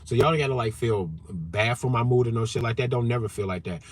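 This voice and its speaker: A man hosting a livestream rant from his car, loud and animated, cussing heavily and repeating himself to drive points home. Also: medium pitch, brisk. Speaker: channel host.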